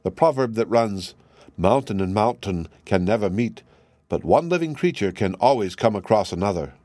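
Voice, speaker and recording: A man reading a storybook voices an anxious wild duck in a high, begging voice. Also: lively intonation, moderate pace, mellow, no echo, clean studio sound. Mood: earnest. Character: pleading wild duck, anxious parent bird.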